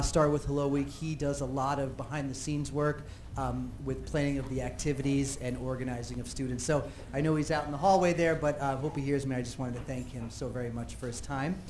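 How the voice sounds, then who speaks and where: A male school administrator speaking at a school board meeting, halting and filling pauses with "um". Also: mid-range voice. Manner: halting, many "um" fillers. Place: public meeting room. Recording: echoey meeting room with steady background noise.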